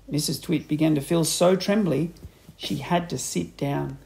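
A man reading a children's storybook aloud in an expressive, playful narrator's voice. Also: on the high side, a little slow, gravelly, low-quality recording.

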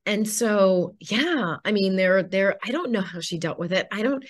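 A woman's voice: medium pitch, animated, moderate pace. A woman guest on a podcast, telling a personal story in an earnest, emotional way. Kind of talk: conversational interview.

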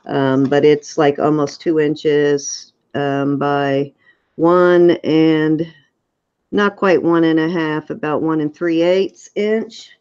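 A woman's voice: low voice, steady tone, slow, darkish tone, clear, resonant tone. Give me a chatty woman describing items for sale, with a muffled lo-fi sound. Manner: chatty and detailed, with frequent ums. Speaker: seller on a live auction. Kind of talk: casual item descriptions. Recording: dull lo-fi sound.

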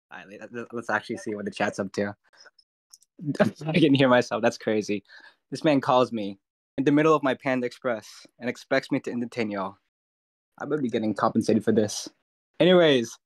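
A man's voice: medium pitch, fairly bright tone, dry recording, clean studio sound. A young man filling in on a live stream as the streamer's friend, flustered and joking to himself. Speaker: streamer's friend covering the chat. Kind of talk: casual live-stream chat.

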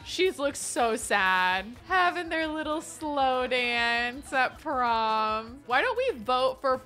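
A young woman giving casual, animated commentary while playing a life-simulation game, now and then reading the game's text aloud. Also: slow pace, soft background music. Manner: chatty and animated, jumping up high for excited squeals. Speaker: gaming streamer.

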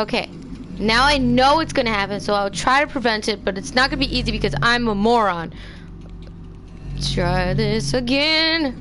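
A woman's voice: fairly high pitch, animated, moderate pace. A young woman streaming a horror game, reacting with shrieks and swearing at the game. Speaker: gameplay streamer. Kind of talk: live horror game commentary. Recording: audible background noise.

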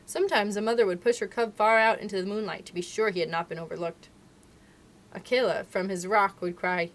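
A woman's voice: mid-range voice, steady tone, a little fast, low-quality recording. A woman at a library reading a classic animal story aloud, narrating evenly between the voiced quotes.

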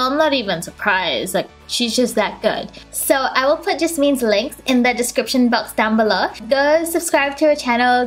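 A young woman with a fairly high voice chats as a beauty vlogger. She talks casually and gushes, packing her lines with fillers. Soft music plays behind her. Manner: bubbly and gushing, many fillers. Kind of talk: casual vlog, unboxing.

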